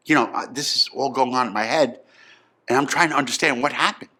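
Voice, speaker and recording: A man in his fifties telling a personal story from his youth, emphatic and swinging from subdued to excited. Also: mid-range voice, a little fast. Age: 50s.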